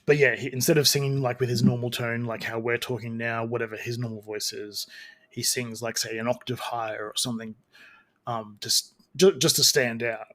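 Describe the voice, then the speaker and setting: A podcast co-host with a mid-range, steady voice speaks at a moderate pace with a slightly bright tone. He chats casually and rambles, restarting often and using lots of fillers.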